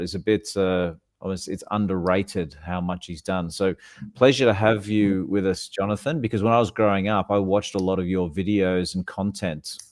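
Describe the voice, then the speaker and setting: A low-voiced man co-hosts a live stream podcast, reading out viewer comments in a chatty, laughing way. His voice sounds close and dry, with no room around it. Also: darkish tone, dry recording. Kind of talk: casual live-stream chat.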